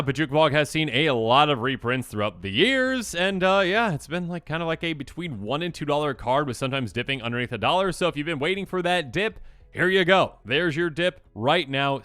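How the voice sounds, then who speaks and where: A man's voice: medium pitch, clear, resonant tone, no echo. A man hosting a card-game channel, chatting casually and rambling with lots of fillers. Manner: rambling, filler-heavy, animated. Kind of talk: casual chat, talking through card prices.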